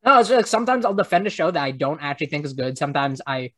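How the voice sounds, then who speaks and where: A man's voice: on the high side, very animated, racing, a bit bright, dry recording. A young man hosting a casual podcast, rambling and hesitant, poking fun at himself. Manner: rambling, hesitant, self-deprecating. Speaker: podcast host. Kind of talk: casual chat.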